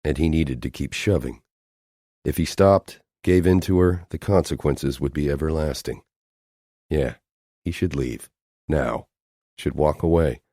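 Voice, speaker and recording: A male audiobook narrator with a very deep, dark, mellow voice. He reads in a measured, dramatic way, dropping low at the ends of phrases. The sound is dry and close. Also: dry recording. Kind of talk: scripted narration.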